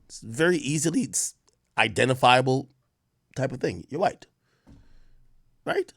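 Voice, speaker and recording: A man's voice: mid-range voice, lively intonation, unhurried, vocal fry, slightly rough, no room sound, clean studio sound. A man from Jamaica hosting a livestream, ranting crudely and laughing as he reacts to clips. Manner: loud, laughing, crude rants. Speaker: livestream host. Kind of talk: profane comedic commentary.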